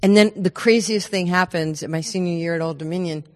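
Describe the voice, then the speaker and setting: A woman, telling stories as a podcast guest in an animated, laughing way. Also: fairly low pitch, fairly quick, long reverb tail. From New York. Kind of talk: storytelling podcast interview.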